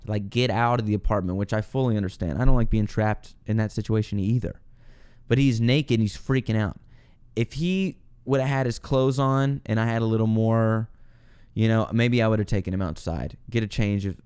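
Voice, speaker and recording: Smooth-voiced young man telling a wild story. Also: fairly low pitch, moderate pace. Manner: animated, swearing, laughing storyteller who acts out quotes. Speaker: podcast host. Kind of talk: casual storytelling monologue.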